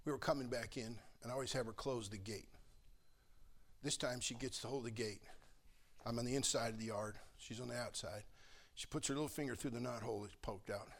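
An older man preaching a sermon as pastor, swinging between loud fervor and quiet storytelling. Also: mid-range voice, steady tone, fairly quick.

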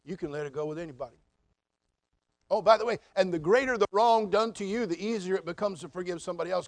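High-voiced, folksy preaching man. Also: no echo. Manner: folksy, animated preaching with mock voices and asides. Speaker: pastor. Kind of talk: sermon.

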